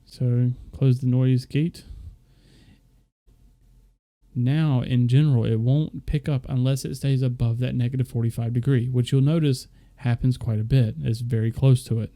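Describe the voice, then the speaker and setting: A man's voice: medium pitch, fairly even intonation, normal speed, few pauses, warm tone. A young man casually walking viewers through his microphone settings, loose and rambling with fillers. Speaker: streamer explaining audio setup. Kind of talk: casual screen-share tutorial.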